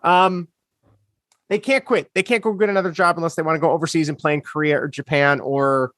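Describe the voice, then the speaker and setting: High-voiced ranting man on a podcast. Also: steady tone, a little fast, fairly bright tone, no echo, clean studio sound. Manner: ranting, sarcastic. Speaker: podcast co-host. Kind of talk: casual chat.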